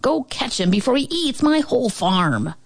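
A woman's voice: fairly high pitch, big pitch swings, moderate pace, no echo, voice pushed up. A woman voicing a worried male farmer who sends his dog after a thief in a storybook reading.

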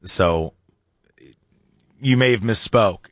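A man's voice: medium pitch, lively intonation, unhurried, fairly bright tone, no echo, studio quality. A man hosting a morning talk radio show, chatty and laughing often, now and then mimicking other voices.

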